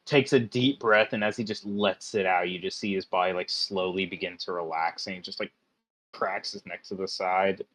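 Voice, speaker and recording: A man plays in a tabletop game and describes his character's actions. He goes slowly with many fillers, and his voice is low. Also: steady tone, a bit bright. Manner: slow, descriptive, filler-heavy. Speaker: player.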